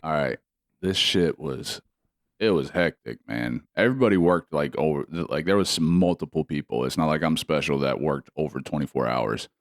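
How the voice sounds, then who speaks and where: A man's voice: very deep voice, expressive, moderate pace, no room sound, studio quality. A man co-hosting a podcast in casual chat, cursing freely and laughing often. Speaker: podcast co-host.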